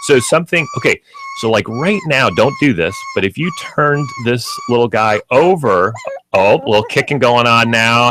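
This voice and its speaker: A man's voice: medium pitch, normal speed, slight background noise. A man hosting a pet radio show, explaining dog training step by step in an instructive way. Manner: explains step by step, lively and animated.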